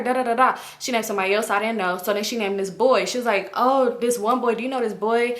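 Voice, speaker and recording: A woman's voice: on the high side, quick pace, hardly any pauses, fairly bright tone. A young woman telling a gossipy storytime, acting out quoted dialogue and swearing freely. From Los Angeles area. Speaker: vlogger. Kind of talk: casual storytime.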